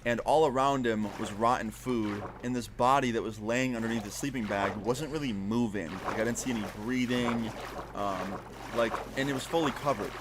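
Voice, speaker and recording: Young guy telling a scary story off the cuff, lots of cursing and "like", mid pitch, faint hiss. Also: moderate pace. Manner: swearing, filler-heavy, animated retelling. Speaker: storyteller in a played video. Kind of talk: casual spoken storytelling.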